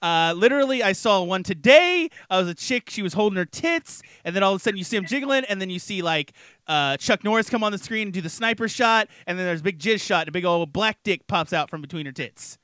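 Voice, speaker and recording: Bright, high-voiced profane man. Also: lively intonation, quick pace, clean tone, no echo. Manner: loud, profane, joking. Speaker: co-host. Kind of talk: crude late-night podcast chat.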